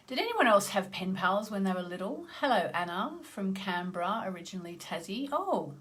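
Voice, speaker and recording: A woman from Tasmania, chatting casually on a live stream as an astrologer, greeting viewers by name and clearing her throat now and then. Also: medium pitch, big pitch swings, normal speed, fairly bright tone. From Australia (Tasmania).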